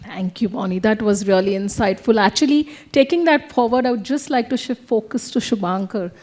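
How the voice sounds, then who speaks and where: A woman with a slightly high voice who moderates a fireside chat. She puts questions to the guests and often ends them with a tag like "right?". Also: animated, a little fast, a little mellow. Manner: asks questions, tags with "right?". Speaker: interviewer, moderator.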